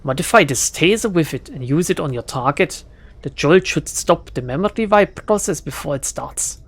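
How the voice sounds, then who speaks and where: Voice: mid-range voice, lively intonation, moderate pace, breathy edge. A streamer putting on a bitter young hacker woman with a German accent. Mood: curt. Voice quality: shaky put-on German accent. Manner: curt and sharp. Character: bitter female hacker in her twenties, weary. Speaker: game character read aloud. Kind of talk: reading game dialogue aloud.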